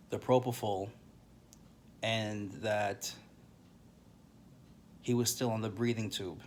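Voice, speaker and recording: Man, grieving, halting emotional storytelling, slow pace, faint background noise. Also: lowish voice. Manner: halting, emotional, many restarts and pauses. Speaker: widower telling a personal story. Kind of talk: personal storytelling to camera.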